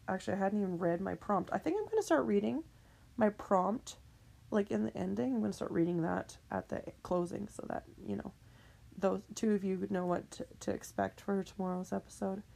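A woman's voice: on the low side, creaky, mellow, a little hiss or hum. A woman talking alone on her podcast, rambling and ranting, then apologizing with self-deprecating humor. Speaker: podcast host. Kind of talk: casual solo monologue. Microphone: microphone indoors.

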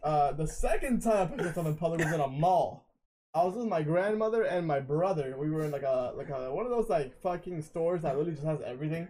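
Fast-talking young man telling a story. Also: fairly high pitch, lively intonation, mellow, slight background noise, low-quality recording. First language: not English. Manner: rambling, profane, many "like"s and "uh"s. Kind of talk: casual chat, storytelling.

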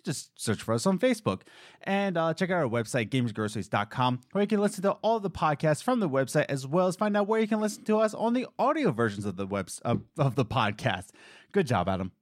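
A man's voice: on the high side, brisk, no room sound, studio quality. A young man co-hosting a casual podcast, telling jokey stories and acting out the voices of people in them. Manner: animated, jokey storytelling with mimicked voices. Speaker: podcast co-host.

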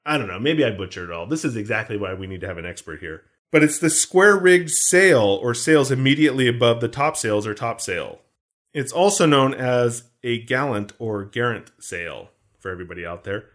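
A man's voice: mid-range voice, animated, moderate pace, fairly bright tone. A man co-hosting a podcast, chatting casually about a film in a rambling, jokey, self-mocking way. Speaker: podcast co-host.

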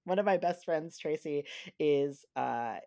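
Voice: medium pitch, unhurried, vocal fry, mellow, no room sound, clean studio sound. Podcast host, casual book chat, chatty, laughs often. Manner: chatty, with many fillers and restarts, often laughing.

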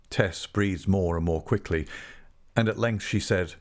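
A man narrating a classic novel in a measured, expressive audiobook reading. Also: deep voice.

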